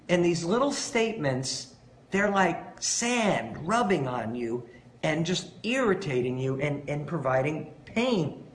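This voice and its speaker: A man's voice: on the high side, slow pace, slight background noise. Conversational preacher man in an echoey room. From Long Island, New York. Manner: conversational, animated storytelling with rhetorical questions. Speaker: pastor. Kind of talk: sermon.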